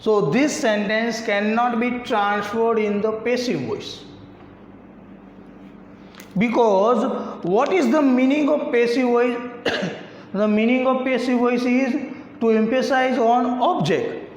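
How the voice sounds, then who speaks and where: In an echoey room recorded with slightly dull lo-fi quality and slight background noise, a man with a very high-pitched voice and an Indian English accent gives a grammar lesson. He moves step by step, asking and answering his own questions in a slow, repetitive way.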